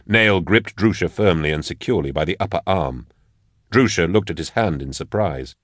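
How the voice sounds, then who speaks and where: A man with a low voice narrates a scripted audiobook in an even, measured way. The recording is dry, with clean studio sound.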